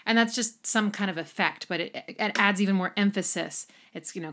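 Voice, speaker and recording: A woman explaining music theory in a lively way, counting beats aloud and now and then singing short snippets. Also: lowish voice, moderate pace, hardly any pauses, heavy background noise. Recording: music playing behind the voice.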